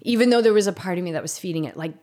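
A woman's voice: on the low side, very fast, dark tone. A woman telling a personal story in a candid, conversational way. She is earnest and emotional, with frequent fillers and restarts.

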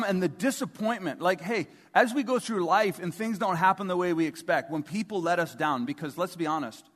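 A man's voice: high-pitched, fairly bright tone. Male pastor preaching in a reverberant hall. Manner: conversational preaching with rhetorical questions. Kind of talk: sermon. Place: large church hall before a congregation. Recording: long reverb of a large hall.

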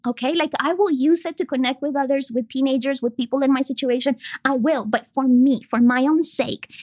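A woman in her thirties, a podcast guest, telling a personal faith story in an earnest, emotional way, sometimes dropping to a soft whisper. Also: high-pitched, normal speed, few pauses, slightly rough, no echo.

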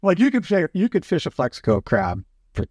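A man's voice: high voice, wildly swooping pitch, brisk, a little mellow, no echo, studio quality. A man telling fishing stories in casual chat, acting out quotes with lots of fillers. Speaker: fly fishing guest.

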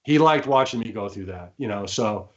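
A man's voice: lowish voice, animated, moderate pace. A man guest, a former studio engineer, telling stories animatedly with laughter and frequent restarts. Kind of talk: anecdotal storytelling. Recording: slightly muffled remote audio.

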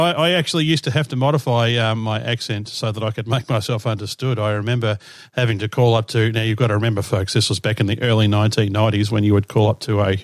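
A man's voice: on the low side, dry recording. Australian male co-host, fifties, chatty and self-mocking, dry close mic. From southern Australia. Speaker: podcast co-host. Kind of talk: casual chat.

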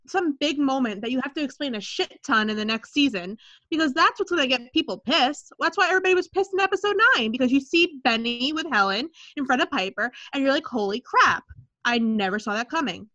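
A woman co-hosting a casual TV show discussion, talking in an animated, ranting way with lots of "like". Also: high voice, fairly quick, muffled recording.

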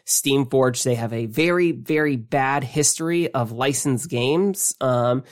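Guy cohosting a gaming podcast, chatty and animated, keeps restarting his sentences, middle pitch. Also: unhurried. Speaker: podcast co-host. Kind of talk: casual podcast chat.

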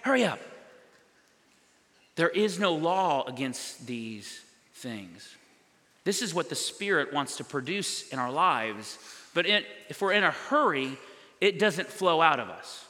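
A man's voice: on the high side, lively intonation, unhurried, sharp tone, in a large hall. A male pastor preaching a sermon in a loose, conversational way, acting out little scenes for his congregation. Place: church sanctuary.

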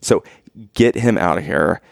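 A man's voice: low-pitched, measured pace, creaky, dry recording, clean studio sound. A man casually telling a story on a podcast, acting out the people in it as he goes. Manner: animated storyteller, acts out quoted exchanges.

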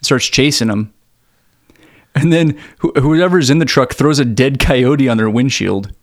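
A man's voice: mid-range voice, measured pace, dry recording, studio quality. A man co-hosting a podcast, chatting casually and laughing while recalling a movie and childhood memories. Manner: laid-back, laughs often, tells childhood stories. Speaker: podcast co-host.

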